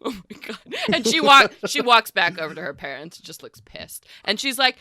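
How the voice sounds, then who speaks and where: A woman's voice: mid-range voice, sing-song, brisk, pushed and bright. Giggly young woman running a tabletop game. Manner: giggly, chatty, many fillers. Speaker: game master.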